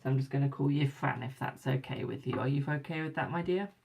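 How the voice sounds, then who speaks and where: Brief: British woman, tarot reader on a live stream, deep voice with a bit of fry, chatty and affectionate, slightly tired. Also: quick pace, noisy background. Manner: chatty, calls viewers darling and boo. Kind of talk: casual live-stream chat and readings.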